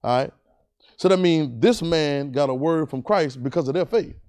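A man's voice: a little high, moderate pace, darkish tone, clear, resonant tone. Dynamic call-and-response preacher man. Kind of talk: sermon.

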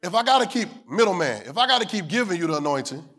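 A man a sermon in a call-and-response style. He repeats phrases, asks the room whether they hear him, and climbs to shouts. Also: high-pitched, sing-song, fast talker. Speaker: preacher.

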